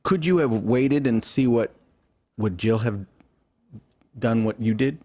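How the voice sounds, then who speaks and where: A man's voice: medium pitch, slow pace, warm tone. A man chatting casually on a podcast, mostly giving short acknowledgements and now and then asking a probing question. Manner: frequent listener backchannels, questioning. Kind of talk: casual chat.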